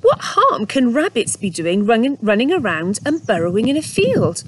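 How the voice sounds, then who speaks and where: Woman as a gentlemanly storybook dog, prim, determined, expressive delivery. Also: on the high side, normal speed, slight background noise, poor audio. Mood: earnest. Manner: prim, well-mannered and determined. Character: polite, brave male dog, gentlemanly and dogged. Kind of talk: storybook reading.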